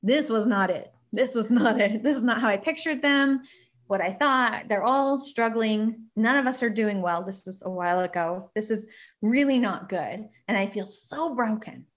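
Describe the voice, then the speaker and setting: A woman in her forties hosting a podcast, telling a personal story in a lively, often laughing way. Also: a little high, moderate pace. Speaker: podcast host. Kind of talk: casual podcast conversation.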